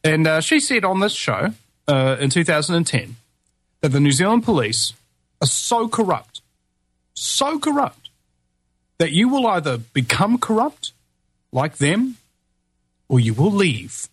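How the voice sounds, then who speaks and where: A man's voice: fairly high pitch, very animated, unhurried, pauses often, slightly rough, no room sound. A man hosting a talk show, ranting with heated emphasis. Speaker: show host.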